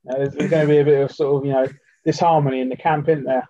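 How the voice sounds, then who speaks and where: A man's voice: mid-range voice, level tone, very fast, mellow, dull audio. A man talking as a podcast guest in casual football chat, rambling and leaning on fillers and restarts.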